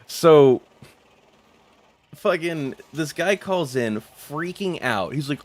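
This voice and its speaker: A man with a fairly high, animated voice streams a game and chats casually at a slow pace, pausing often. He rambles and swears, laughing frequently and restarting his sentences many times.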